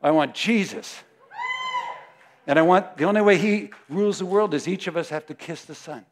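Guy preaching, high voice, gets loud then drops to a hush. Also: normal speed. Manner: emphatic preaching, swinging from loud declarations to hushed prayer. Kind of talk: sermon.

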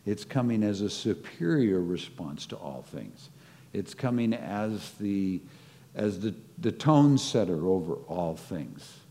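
A man's voice: low voice, very animated, slow pace, warm tone. A man preaching a sermon, reflecting on scripture and acting out short stories as he teaches. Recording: long hall reverb.

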